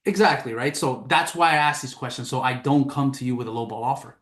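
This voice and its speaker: A man's voice: medium pitch, fast, a bit bright, reverberant. A man playing an agent in a sales role-play, speaking in an earnest, reassuring salesman patter. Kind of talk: practising a sales call.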